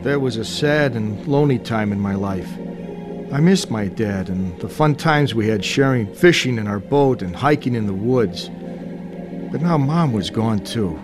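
A man's voice: on the low side, lively intonation, unhurried, over music. A grown man narrating his past in a somber, reflective way. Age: adult. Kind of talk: scripted narration.

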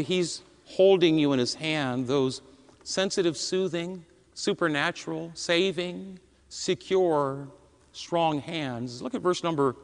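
A man preaching a sermon, emphatic and stretching out strings of words. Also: fairly high pitch. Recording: long hall reverb.

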